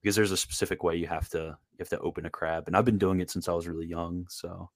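Deep-voiced laid-back Maryland man. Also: fairly even intonation, fast talker, no echo, studio quality. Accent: Maryland American. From Maryland, USA. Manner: rambling, filler-heavy, laid-back. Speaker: show host. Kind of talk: casual livestream chat.

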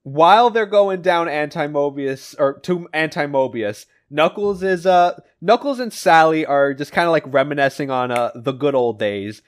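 A man's voice: a little high, moderate pace, few pauses. A man hosting a podcast, recapping comic issues in a casual, rambling way with lots of fillers. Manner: rambling storyteller, frequent fillers and restarts. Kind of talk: casual chat.

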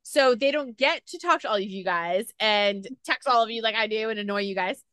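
A woman's voice: mid-range voice, a little fast, fairly bright tone, clear, resonant tone, no echo. Gushing woman interviewer, dry sound. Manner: gushing, effusive fan. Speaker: interviewer, host. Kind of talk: casual interview chat.

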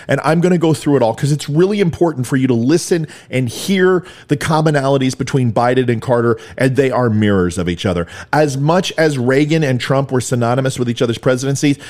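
A man's voice: mid-range voice, darkish tone. A middle-aged man hosting a political commentary show, ranting in a heated, sarcastic, mocking way.

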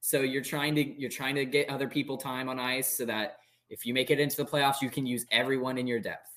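A man's voice: medium pitch, little pitch movement, fairly quick, fairly bright tone. A man co-hosting a sports podcast, talking casually with frequent stammered restarts. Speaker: podcast co-host.

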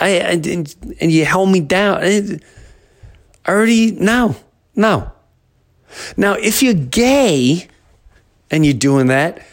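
A man hosting a podcast, telling a comic story in an animated, exaggerated way with many restarts. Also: on the high side. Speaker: podcast host. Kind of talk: comedic storytelling.

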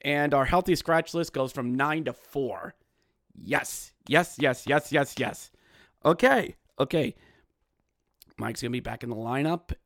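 A man hosting a solo hockey fan podcast, ranting in an animated, exasperated way and mimicking other fans. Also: medium pitch, unhurried, vocal fry, no room sound, studio quality. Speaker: podcast host.

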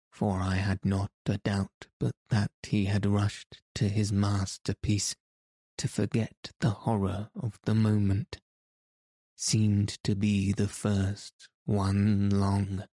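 A man narrating an audiobook in a measured, solemn manner. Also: lowish voice, warm tone, no room sound, studio quality.

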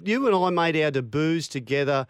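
An older Australian broadcaster talks in a relaxed, good-humoured way, telling old stories and chuckling often. His voice sits a touch high. The sound is dry and close to the mic. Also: normal speed, clean tone, dry recording. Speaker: broadcaster being farewelled. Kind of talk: casual banter.

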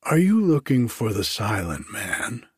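A man's voice: on the low side, sing-song, unhurried, darkish tone, husky, no room sound, clean studio sound, full character voice. A man doing a plain-spoken prison guard. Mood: matter-of-fact.

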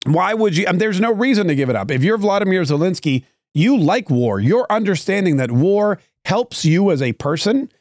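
Male commentator host, slightly higher voice, dry close mic, forceful and repetitive. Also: big pitch swings, moderate pace, few pauses, dry recording. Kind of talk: opinionated political monologue.

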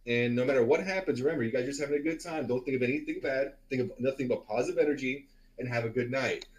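A man in his forties spins a long story in a relaxed, meandering way. His voice sits at a middle pitch, and he swears freely and fills his pauses as he goes. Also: poor audio. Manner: loose, profane, rambling with many fillers. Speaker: podcast co-host. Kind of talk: casual storytelling.

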